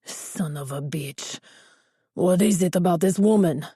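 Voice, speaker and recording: A cold cartel boss with a Spanish accent, as a woman narrator puts him on, drawling his threats slowly and low. The tone is dark and mellow, recorded close and dry in an audiobook thriller. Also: slightly rough, no room sound. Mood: menacing.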